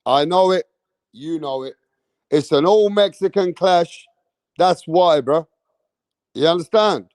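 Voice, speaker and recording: A young British man hosting a boxing live stream, talking in slangy, animated bursts straight to his chat. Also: fairly high pitch, slow, pauses often, no echo. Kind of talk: casual live-stream commentary.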